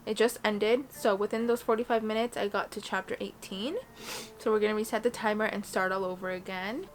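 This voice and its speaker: A woman's voice: mid-range voice, steady tone, fairly quick, faint music behind. A young woman in her twenties chatting casually on a book vlog from her reading corner at home, gushing and emotional. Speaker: book vlogger.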